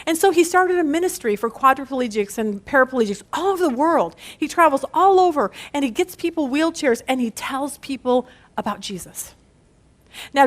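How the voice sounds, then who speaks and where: High-voiced woman teaching a Bible study. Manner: animated storyteller who laughs at her own stories; casual and conversational.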